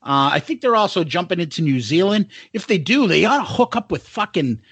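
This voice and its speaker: Male podcast co-host, raunchy jokey banter, bright lively voice. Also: sits high, brisk, breathy edge, no room sound. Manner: profane, jokey, animated. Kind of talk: crude casual podcast banter.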